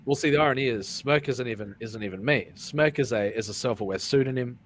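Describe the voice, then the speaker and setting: A man's voice: medium pitch, quick pace, a little hiss or hum. A man hosting a casual live-streamed talk show, rambling and repeating his words, often breaking into laughs. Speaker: podcast host.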